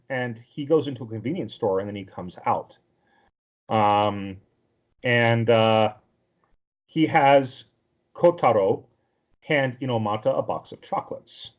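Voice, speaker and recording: Man, podcast co-host, casual recap, rambling, middling pitch. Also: animated, a little slow, long pauses, lo-fi sound. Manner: rambling, with many fillers and restarts. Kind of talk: casual chat recapping an anime episode.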